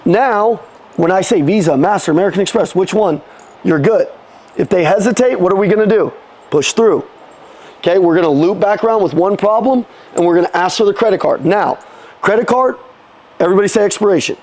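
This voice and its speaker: A man's voice: high voice, darkish tone. A man leading a live sales seminar, coaching the room with punchy call-and-response lines and casual, sometimes swearing talk. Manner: casual, swears, quick restarts. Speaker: sales trainer.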